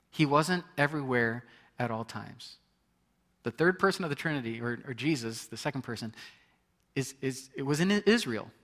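Preaching in a conversational style, this pastor reads passages of scripture aloud and often starts his sentences over. He has a slightly high, fairly bright voice.

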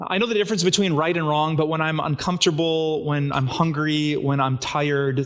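A man's voice: a little high, steady tone, normal speed. A man preaching a sermon as a pastor, talking in a casual, conversational way and asking his listeners rhetorical questions.

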